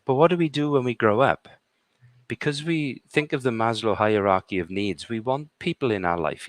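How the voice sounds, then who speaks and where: A man's voice: medium pitch, normal speed, no echo. A middle-aged man from the UK, a guest speaker in a live conversation, telling stories and checking in with "okay?". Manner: punctuates points with "okay?". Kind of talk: conversational storytelling.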